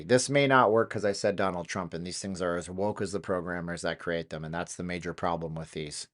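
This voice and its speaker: A man's voice: low-pitched, fairly quick, hardly any pauses, fairly bright tone. Rambling man hosting a live stream. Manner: rambling, filler-heavy, restarts often. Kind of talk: casual live-stream chat.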